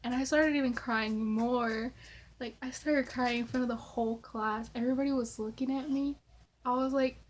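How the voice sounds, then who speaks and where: A woman's voice: on the high side, fairly even intonation, normal speed, a little hiss or hum. A young woman vlogger answering Q&A questions and rambling through a story, filling her talk with "like" and swearing casually. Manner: chatty, rambling, lots of "like".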